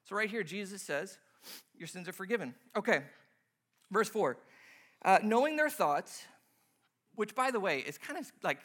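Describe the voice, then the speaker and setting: A man's voice: high voice, expressive, moderate pace, pauses often, fairly bright tone. A young man preaching a casual sermon, joking and acting out little scenes as he explains a Bible passage. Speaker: pastor.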